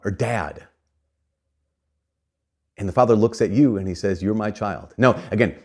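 A man preaching a sermon in an earnest, animated way, telling a story and slipping in casual asides, often repeating and restarting his phrases. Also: fairly low pitch.

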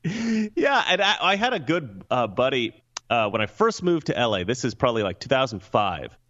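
A male co-host with an expressive, up-and-down voice who laughs often and trips over his words as he talks. His audio comes through slightly dull and muffled, as if from a remote line. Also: medium pitch, moderate pace. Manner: laughing, stumbling restarts. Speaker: co-host, film commentator. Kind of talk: casual movie chat.

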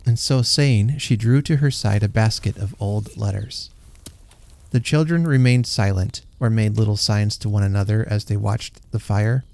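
Narrator for a classic story read aloud: man, mellow warm tone, unhurried and gentle. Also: lowish voice, vocal fry.

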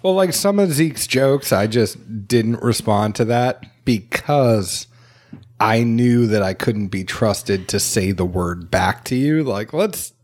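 A man's voice: lowish voice, takes it slowly. Chatty man asking questions. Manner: curious, chatty, asks questions. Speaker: host. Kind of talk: casual interview chat.

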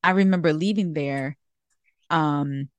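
Woman podcast host, slightly low voice, chatty, dry close-miked sound. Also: takes it slowly, no room sound, lo-fi sound. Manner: chatty, laughs often, asks questions. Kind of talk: casual podcast chat.

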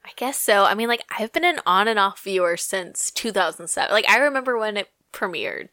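Young woman co-host, gossipy and wry, mid-pitched, dry close mic. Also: lively intonation, sharp tone, no room sound. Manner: gossipy, quick asides and jokes. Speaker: podcast co-host. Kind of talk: casual pop-culture chat.

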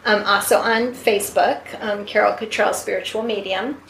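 A woman's voice: medium pitch, steady tone, moderate pace, gravelly, fairly bright tone, echoey room, a little hiss or hum, low-quality recording. A woman guest on a podcast, talking casually with lots of fillers about her classes and mentors. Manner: chatty, many fillers, laughs often. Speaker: guest medium.

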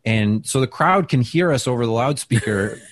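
Chatty comedian telling a story. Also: male voice, mid-range voice, normal speed. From Wisconsin, US. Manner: animated, full of "he's like" quotes and fillers. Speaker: comedian guest. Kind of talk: casual storytelling in an interview.

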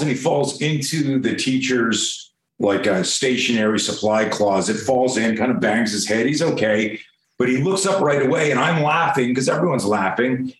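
Profane, animated male storyteller, roomy echo. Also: mid-range voice. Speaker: guest. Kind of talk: casual storytelling interview.

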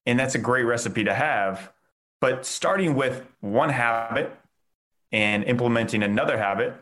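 An enthusiastic man talking as a mindset coach in a podcast interview. His pitch sits in a middle range, and he often stops to say "like" before going on. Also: moderate pace, a bit bright. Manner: enthusiastic, uses filler "like" often.

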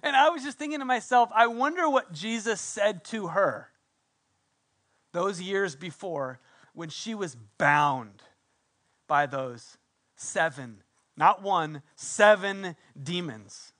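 A middle-aged man preaches with fervent conviction, his voice sitting high and ringing. He surges into loud, insistent declarations, then drops to a hushed, close tone to draw the listener in. The brightness gives his emphasis a sharp, carrying edge. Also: slow pace. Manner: passionate, swings from loud emphasis to hushed intimacy. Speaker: pastor. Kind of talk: sermon.

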